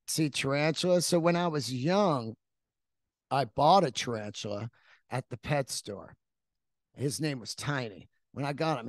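A man's voice: a little high, no echo, studio quality. A middle-aged man hosting a podcast, telling stories in a rambling, profane, casual monologue. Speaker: podcast host.

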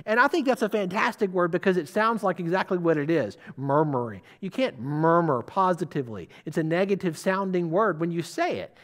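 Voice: medium pitch, animated, brisk, hardly any pauses. A preacher giving a sermon, putting questions to the listeners and stressing key words.

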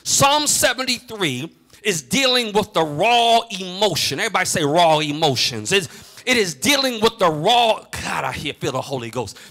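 A middle-aged male pastor preaching a sermon in a call-and-response style that builds to shouts. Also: high-pitched, very animated, moderate pace.

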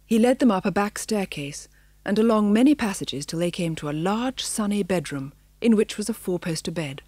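A woman reading a children's novel aloud in a measured, expressive storybook narration, in a studio. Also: mid-range voice, no echo. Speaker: audiobook narrator. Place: recording studio.

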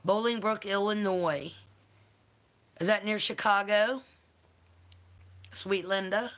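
Woman, unhurried, bright voice, affectionate live-stream host. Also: medium pitch. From North Carolina. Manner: affectionate, calls viewers honey and baby. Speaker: channel host. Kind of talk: live-stream chat, greeting viewers.

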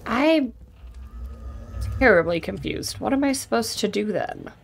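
A young woman talking her way through a game, sarcastic and quick to swear. Her voice has a gravelly fry, and her pitch swings widely. She speaks at an unhurried, drawn-out pace. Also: animated, a little hiss or hum. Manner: sarcastic, swears freely, talks to herself. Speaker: gaming streamer. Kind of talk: let's play commentary.

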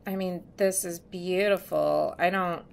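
A woman's voice: on the low side, steady tone, measured pace, vocal fry, a little hiss or hum. A woman talking casually to her camera in a home vlog, chatty and gushing, with many ums. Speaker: vlogger. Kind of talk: casual show-and-tell vlog. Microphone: camera mic.

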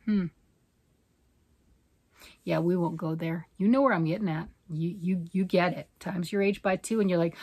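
A woman's voice: mid-range voice, normal speed, no room sound. A middle-aged woman hosting a knitting and crochet vlog, rambling casually, poking fun at herself and asking rhetorical questions. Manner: rambling, self-mocking, asks rhetorical questions. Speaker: knitting and crochet channel host.

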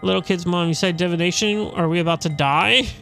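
A man's voice: sits high, brisk, creaky, fairly bright tone, soft background music. A man casually commentating his gameplay, joking and swearing now and then. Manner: laid-back, jokey, swears casually. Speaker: let's play host.

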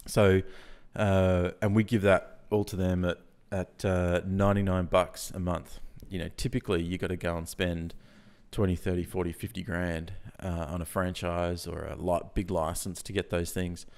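Deep-voiced male podcast guest, croaky, energetic, prone to restarts. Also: moderate pace, few pauses. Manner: energetic, restarts often, laughs easily. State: croaky from early morning. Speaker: guest, software founder. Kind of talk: casual podcast interview.

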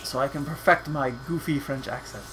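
A man commentates his video game playthrough in a mid-pitched voice, joking and swearing as he goes. He laughs often, rants a little, and reads the game's text aloud in a slow, dramatic way. A faint hum sits behind him. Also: steady tone. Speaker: gaming channel host. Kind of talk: let's play commentary.

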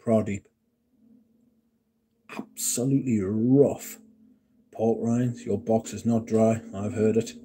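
Slow and lowish, with fairly even intonation and frequent pauses, the man's mellow voice comes over slight background noise. He runs a casual livestream, going through comments and joking with his viewers, swearing freely.

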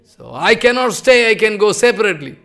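A man's voice: sits high, sing-song, brisk, a bit bright, exaggerated voice. A man voicing an offended young nephew who complains in a hesitant, aggrieved way.

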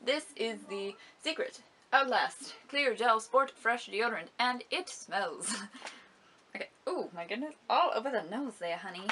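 A young woman reviews beauty products in a casual vlog, with a bright, clear voice. She is chatty and giggly and complains dramatically, and there is faint noise underneath. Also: fairly high pitch, animated, unhurried. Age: young adult. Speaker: beauty vlogger.

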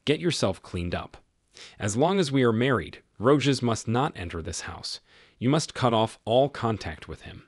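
A man voicing a cold, stern husband confronting his cheating wife, in a measured tone. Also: mid-range voice, sing-song, slightly rough, dry recording, clean studio sound.

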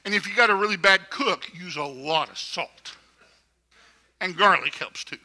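A man's voice: high voice, expressive, moderate pace, pushed and bright. A man preaching a sermon to his congregation, folksy, with joking asides. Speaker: pastor.

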